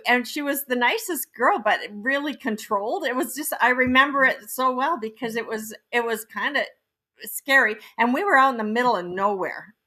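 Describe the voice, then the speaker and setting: A woman's voice: a little high, normal speed, bright, forceful tone. A woman, a guest realtor, sharing stories in a giggly way, laughing as she talks. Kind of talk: casual storytelling chat.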